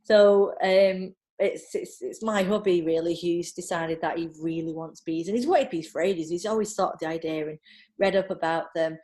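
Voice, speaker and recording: A woman's voice: fairly low pitch, normal speed. Chatty woman telling stories. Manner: chatty, animated storytelling with frequent laughs and filler. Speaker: podcast guest. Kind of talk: casual chat.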